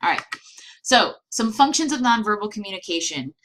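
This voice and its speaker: A woman's voice: mid-range voice, very animated, fairly quick, a bit bright, poor audio. A woman giving a recorded lecture, explaining step by step with many fillers and frequent "right?" checks.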